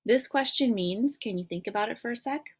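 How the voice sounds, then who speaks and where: A woman's voice: a little high, fairly quick, a bit bright, slightly rough. A woman teaching a recorded French lesson in English, patiently prompting students to think and checking in with frequent okays.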